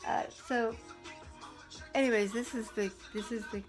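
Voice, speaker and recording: A woman's voice: on the high side, steady tone, moderate pace. Woman venting to the camera, blunt and fed up, chatty, music going behind her. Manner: blunt, indignant, talkative. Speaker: vlogger. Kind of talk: casual storytelling to camera.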